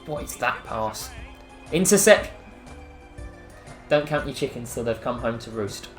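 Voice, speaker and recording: A man's voice: medium pitch, animated, unhurried. English man, gameplay commentary, chatty, self-mocking, echoey room, faint music. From England. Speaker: gaming YouTuber.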